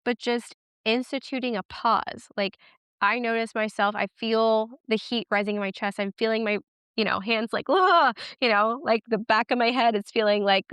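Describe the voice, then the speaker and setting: A woman in her thirties, a guest in a casual interview, talking in a chatty, animated way with lots of fillers. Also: on the high side, unhurried, smooth, no echo, studio quality. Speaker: podcast guest, twin parenting educator.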